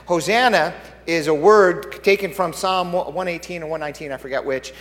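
A man preaching a sermon, rising to loud, booming proclamations and dropping to hushed, low emphasis. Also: big pitch swings, moderate pace. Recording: long hall reverb.

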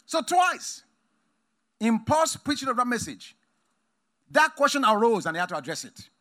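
Man, preacher, emphatic sermon, lively pitch swings, bright forceful tone. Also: normal speed. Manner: emphatic, swings between loud exclamations and quiet asides. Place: conference hall.

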